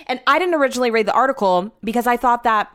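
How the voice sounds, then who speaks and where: A woman's voice: on the high side, animated, very fast, a bit bright. A young woman chatting casually, telling a story and swearing freely, with the quotes acted out in a raised voice. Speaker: vlogger.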